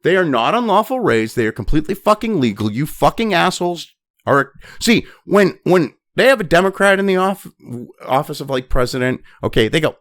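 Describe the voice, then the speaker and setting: A man delivers a furious, profanity-laden rant, jumping between flat, muttered reading and sudden high, loud outbursts. His voice sits fairly high and swings widely in pitch. The sound is close and dry, with no room around it. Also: a little fast, no echo. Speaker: commentator reading and reacting to news. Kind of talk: profane political rant over news reading.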